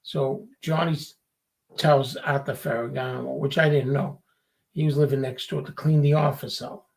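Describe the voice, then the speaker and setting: A man's voice: mid-range voice, little pitch movement, moderate pace, gravelly. A man from Revere, a guest telling stories in casual chat and acting out the people he quotes. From Revere, Massachusetts. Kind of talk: casual storytelling.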